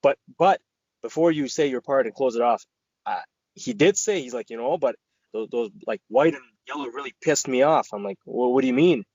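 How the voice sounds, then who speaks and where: A man's voice: mid-range voice, expressive, brisk, a little mellow, no echo, muffled recording. A man co-hosting a podcast, telling a rambling, profane story and acting out his friends' lines. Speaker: podcast co-host. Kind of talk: casual storytelling chat.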